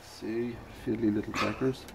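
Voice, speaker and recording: A man's voice: lowish voice, steady tone, normal speed, gravelly, heavy background noise. A man with a Dublin accent chatting casually and rambling through an outdoor car repair how-to. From North County Dublin, Ireland. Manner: chatty, rambling, self-deprecating, prone to sidetracks. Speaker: classic car hobbyist. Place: outdoors by a house in the cold.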